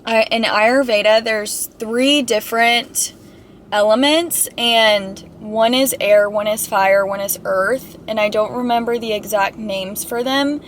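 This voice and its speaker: A young woman shares spiritual encouragement in a slow, meandering, reflective way. Her voice sits slightly high, and she drifts through thoughts with casual fillers. Faint noise hums behind her. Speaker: spiritual self-help vlogger. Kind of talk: casual motivational talk.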